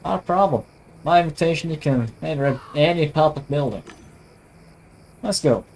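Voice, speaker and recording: A man's voice: a little high, unhurried, a little mellow, a little hiss or hum, close to an everyday voice. A man voicing a friendly cowboy sheriff in a game, with a drawled, folksy manner and an attempted American accent.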